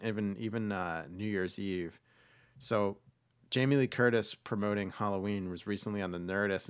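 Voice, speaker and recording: A man's voice: fairly low pitch, fairly bright tone, smooth, no room sound. A man hosting a podcast, chatting casually and rambling with lots of fillers and restarts. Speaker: podcast host. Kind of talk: casual chat about movies.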